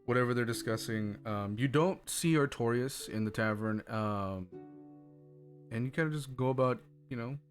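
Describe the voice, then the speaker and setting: A man's voice: medium pitch, moderate pace, faint music behind. A man narrating as game master of a tabletop game, casual and loose, with lots of fillers. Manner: casual, laughing, with many fillers.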